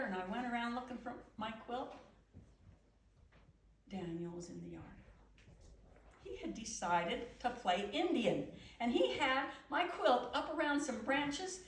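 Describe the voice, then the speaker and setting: Expressive woman storyteller in an echoey room. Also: a little high, measured pace. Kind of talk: first-person storytelling in character as a pioneer woman. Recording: echoey room from far off with faint hum.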